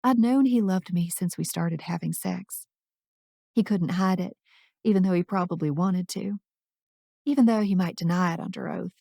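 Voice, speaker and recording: A woman's voice: lowish voice, normal speed, vocal fry, dark tone, no echo, studio quality. A woman narrating a first-person romance audiobook in an intimate, emotional reading.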